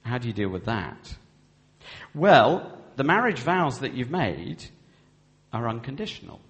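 A man's voice: medium pitch, sing-song, a little slow, a bit bright. Man preaching in an echoing hall. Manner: earnest, acts out vows in quoted speech. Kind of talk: sermon on marriage. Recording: long hall reverb.

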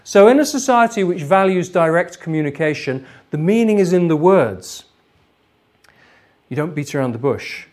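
A man leads an interactive workshop. He explains in a lively way and laughs easily. His voice sits slightly high. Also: normal speed. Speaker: lecturer, trainer.

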